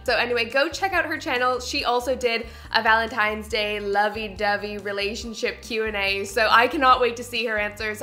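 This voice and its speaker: A young woman from Canada in her twenties, chatting to camera for her vlog and telling embarrassing stories with lots of giggles. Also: on the high side. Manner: giggly, animated storytelling. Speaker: beauty vlogger. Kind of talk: casual chat to camera.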